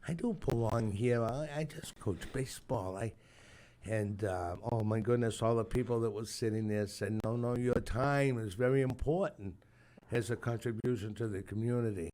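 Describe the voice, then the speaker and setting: A man's voice: mid-range voice, a little mellow. Older man telling rambling coaching stories. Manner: rambling, halting, many restarts. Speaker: retired youth baseball coach, guest. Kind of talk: casual radio interview storytelling.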